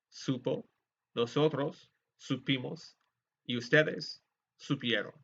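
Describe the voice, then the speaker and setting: A man's voice: mid-range voice, bright, forceful tone. Methodical male Spanish teacher, lo-fi. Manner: clear, methodical, models each form aloud. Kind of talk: recorded lecture with choral drills. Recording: dull lo-fi lecture recording.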